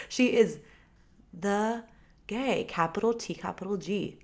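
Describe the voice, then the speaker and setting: A woman's voice: mid-range voice, takes it slowly, darkish tone. A young woman co-hosting a casual gossip podcast, upbeat and chatty, laughing often. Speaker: podcast co-host. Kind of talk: casual celebrity gossip chat.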